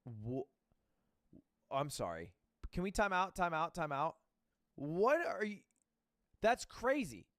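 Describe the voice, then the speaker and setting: A man with a high, animated voice reacts to clips with casual, joking commentary and free swearing. The sound is close and dry, with no room around it. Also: takes it slowly, long pauses, no room sound. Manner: joking, expressive, swears freely. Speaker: reaction video creator.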